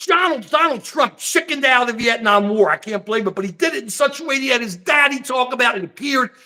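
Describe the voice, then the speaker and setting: Animated high-voiced older man ranting. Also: quick pace. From United States. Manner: animated, rambling, addresses chat by name. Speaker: political livestream host. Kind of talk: heated political talk with chat.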